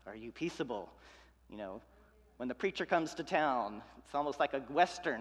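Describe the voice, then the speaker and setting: A man preaching a sermon as pastor, building through repeated phrases and dropping to hushed, tender lines. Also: fairly high pitch, fairly quick. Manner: preaching with rhythmic repetition and swings from loud to hushed. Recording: long hall reverb.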